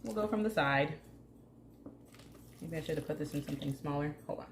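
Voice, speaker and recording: In an echoey room with a faint hum, a woman hosts a casual home plant-care vlog, chatting and joking as she works and talking to her plants. Her voice sits low and her pace is brisk.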